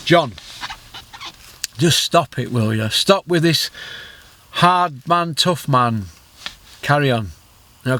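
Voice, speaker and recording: A man's voice: medium pitch, a bit bright. A man hosting a boxing vlog, giving blunt opinions with lots of rhetorical questions and mockery. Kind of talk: opinionated solo commentary.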